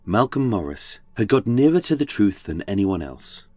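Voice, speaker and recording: A man's voice: on the low side, big pitch swings, normal speed, dark tone, dry recording. A man with a British accent, narrating a true-crime podcast in a dramatic, darkly wry storytelling manner. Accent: British English.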